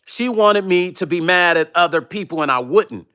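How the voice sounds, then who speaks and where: Bright-voiced man ranting on a livestream. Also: sits high, lively intonation, moderate pace, clear, resonant tone. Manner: confrontational, profane, mocking. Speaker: vlog host reading live chat. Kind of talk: heated livestream rant.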